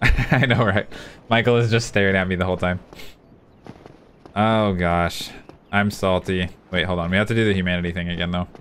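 A man's voice: low-pitched, steady tone, moderate pace, a bit bright, slight background noise. A man commentating his own gameplay live, venting frustration and talking to his chat. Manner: frustrated, talks to himself and chat while playing. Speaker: gaming streamer. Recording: music playing behind.

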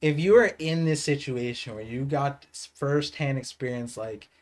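A young adult man streaming a live reaction, excitable and laughing, then turning quiet and reflective. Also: medium pitch, moderate pace. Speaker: streamer reacting to a manga chapter.

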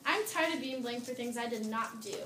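A woman's voice: a little high, brisk, echoey room, background noise, lightly acted. A woman voicing a young boy tiger in a storybook who is tired of being blamed. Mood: aggrieved. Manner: aggrieved.

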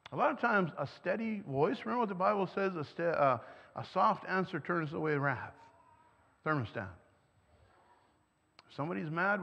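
A man's voice: fairly high pitch, vocal fry. An older man whose first language is German, teaching a sermon to parents in a church and putting questions to the audience. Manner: questions the audience, chuckles between points. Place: church hall. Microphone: microphone. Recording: echoey hall, dull lo-fi sound.

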